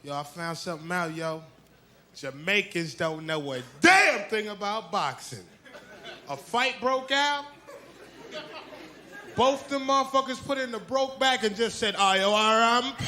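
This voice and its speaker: A man from Haiti doing a brash, profane stand-up comedy set on a club stage, telling animated stories. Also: high-pitched, unhurried, pauses often. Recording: live club with loud crowd and noise.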